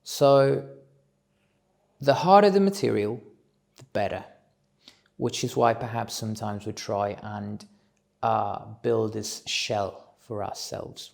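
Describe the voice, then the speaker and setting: Man, reflective monologue at home; slow, thoughtful, voice with a bit of fry. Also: lowish voice, darkish tone. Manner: measured, musing, thinks aloud. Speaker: speaker on self-development. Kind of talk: reflective solo talk.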